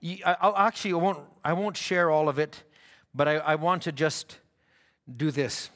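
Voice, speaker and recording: A man preaching a fervent sermon in a church, stammering through restarts and rising into shouts. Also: on the high side, fairly even intonation, moderate pace. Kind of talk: impassioned sermon. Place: church hall. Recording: long hall reverb.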